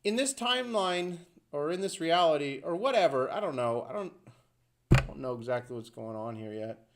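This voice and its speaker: High-voiced man rambling to camera. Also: expressive, normal speed, creaky, background noise. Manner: rambling, conversational, fond of asides. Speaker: video host. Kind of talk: casual commentary to camera.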